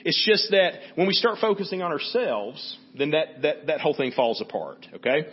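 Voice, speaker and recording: Husky pastor preaching in a lively, conversational way. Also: male voice, on the high side, normal speed, lo-fi sound. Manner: conversational, frequent "right?" asides. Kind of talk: sermon.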